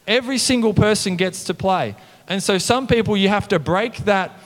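A man preaching a casual, animated sermon, often saying "come on". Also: high-pitched, normal speed, long reverb tail. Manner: animated, conversational preaching with mimicked voices and "come on" refrains. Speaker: pastor.

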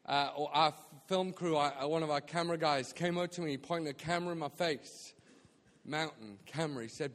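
High-voiced animated man preaching in a hall. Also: fairly quick. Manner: animated, jokey, acts out quotes. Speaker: guest speaker at a church. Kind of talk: storytelling sermon. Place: church auditorium. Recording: live church hall with long reverb.

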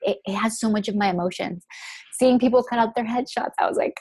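A woman's voice: fairly high pitch, quick pace, darkish tone, breathy edge, dry recording. A young woman telling a personal story in a chatty way, filling her speech with "like". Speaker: guest.

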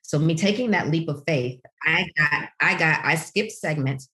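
Low-voiced woman telling her story. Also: normal speed. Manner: animated storytelling, voices quotes with big pitch leaps; frequent "you know" fillers. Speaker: guest, author. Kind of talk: podcast interview, personal story.

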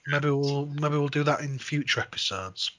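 A young man co-hosting a podcast, talking in a relaxed and jokey way. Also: a little high, moderate pace. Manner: relaxed, hesitant with fillers and restarts, jokey. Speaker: podcast co-host. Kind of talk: casual chat.

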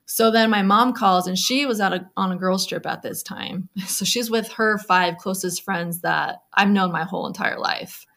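A woman with a creaky, gravelly edge recounts her experience in a candid interview. She talks loosely, with frequent fillers and restarts. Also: mid-range voice, normal speed, hardly any pauses, fairly bright tone. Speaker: guest recounting a personal story.

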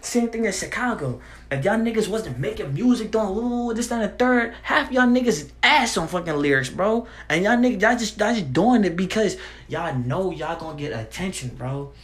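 His voice sits high and sounds animated at a normal speed as the young man rants to camera, profane and heated, repeating "bro" and starting over often. There's a roomy echo with faint ambience.

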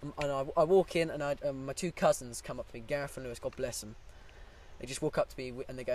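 A man's voice: a little high, fast, darkish tone. A man, co-hosting a casual drinking podcast, telling a long story and swearing freely. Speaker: podcast co-host.

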